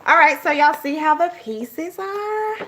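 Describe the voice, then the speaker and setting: A talkative woman runs a casual craft tutorial livestream. Her voice sits a bit high, and she keeps turning to viewers as "y'all" and "honey." A faint hiss runs under the recording. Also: animated, unhurried. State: out of breath. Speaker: planner-craft livestream host.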